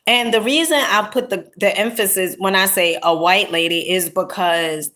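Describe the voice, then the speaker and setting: A woman's voice: mid-range voice, moderate pace. A woman talks to her viewers in a loose, rambling storytelling vlog. She often starts over and fills gaps with "um" and "you know". She keeps calling listeners honey and my love. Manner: chatty, rambling, with many fillers and restarts; warm pet names to viewers. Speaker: content creator.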